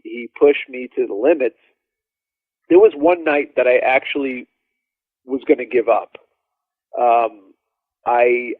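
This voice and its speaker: A man, a drummer guest, telling studio stories in a rambling, animated way and acting out what others said. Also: mid-range voice, dry recording. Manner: animated, rambling, acts out quoted dialogue. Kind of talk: casual storytelling interview. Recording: dry tinny phone-like line.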